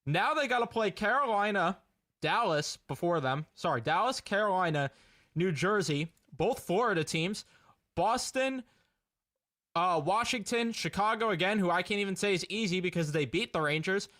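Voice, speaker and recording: A man's voice: sits high, lively intonation, moderate pace, a bit bright. A young man ranting in a casual fan reaction video, exasperated and laughing in disbelief.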